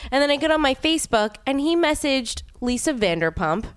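Animated young woman telling a story. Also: a little fast, no room sound. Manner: animated storytelling with many "like" fillers, leaps in pitch when exclaiming. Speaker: podcast host. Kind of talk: casual chat.

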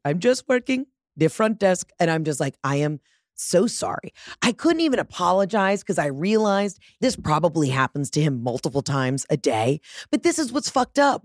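Woman, 30s, casual storytelling, lowish voice, dry recording, profane, animated. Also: no room sound. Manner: animated, profane, jumps into high mocking voices for quotes.

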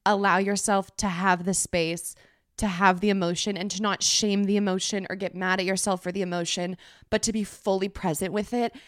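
A woman's voice: medium pitch, level tone, a little fast, no room sound, studio quality. A young married woman hosting a podcast, talking in an effusive, filler-heavy way. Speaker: podcast host. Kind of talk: casual chat. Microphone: remote call.

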